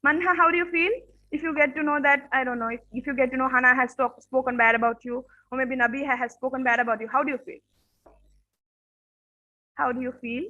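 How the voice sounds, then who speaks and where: A woman's voice: sits high, steady tone, fairly quick, bright, forceful tone, muffled recording. A woman teacher giving a classroom lesson on manners, speaking earnestly, repeating her points and checking in with her students.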